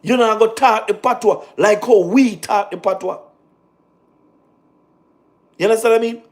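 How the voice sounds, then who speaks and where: A man with a Jamaican accent and a high-sitting voice talks politics on a casual livestream at a moderate pace. He's animated and repetitive, mixing in patois.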